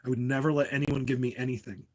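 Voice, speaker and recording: A husky middle-aged man from New Jersey hosts a casual live stream, talking straight to his chat. He drifts from one tangent to the next and laughs often along the way. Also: medium pitch, little pitch movement, fast, rough recording. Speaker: livestream host.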